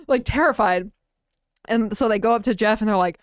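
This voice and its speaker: Chatty young woman with a smooth voice. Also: on the high side, brisk, dry recording, clean studio sound. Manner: animated, laughing, frequent "like". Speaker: podcast co-host. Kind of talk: casual storytelling chat.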